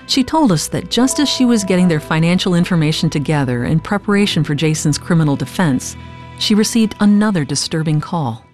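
Low-voiced woman narrating a documentary. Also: lively intonation, a little mellow, faint music behind. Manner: measured, earnest delivery.

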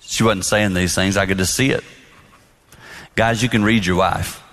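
A man's voice: sits low, normal speed. Man preaching about marriage, chatty storyteller, big echoey hall sound. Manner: animated storytelling, confessional. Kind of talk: sermon. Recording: long reverb in a large hall.

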